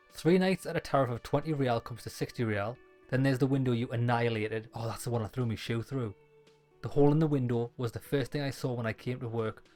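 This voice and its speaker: This male gaming YouTuber, with a darkish, mid-range voice, plays through a game full of dialogue. He voices the lines himself and slips in wry, joking asides between them.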